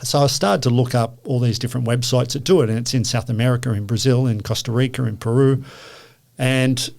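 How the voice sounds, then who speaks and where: A man in his fifties telling a personal story as a guest in a casual chat, earnest and animated, with frequent restarts. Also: medium pitch, a little fast, creaky. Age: 50s.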